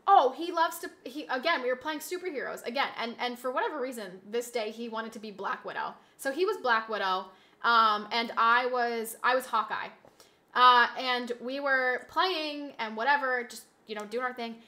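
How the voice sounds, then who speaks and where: A woman's voice: fairly high pitch, normal speed, bright, forceful tone. A woman live streamer chatting casually with viewers, telling a story in a rambling way, full of restarts and repeated words. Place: indoors at home streaming setup.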